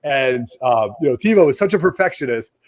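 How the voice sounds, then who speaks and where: A man with an East Coast American accent, hosting a casual chat and telling stories in a rambling, animated way full of fillers. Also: medium pitch, brisk, no room sound. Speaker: host. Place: home studio basement.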